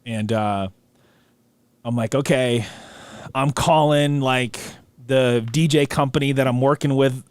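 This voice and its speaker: A man hosting a podcast, telling a story in a relaxed, slangy way full of dude and bro. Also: medium pitch, unhurried, pauses often, clear, resonant tone, no room sound. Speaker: podcast host. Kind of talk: casual storytelling chat.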